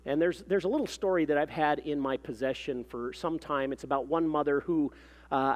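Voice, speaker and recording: Male pastor, sermon delivery, earnest and reflective, fairly high voice, long hall reverb.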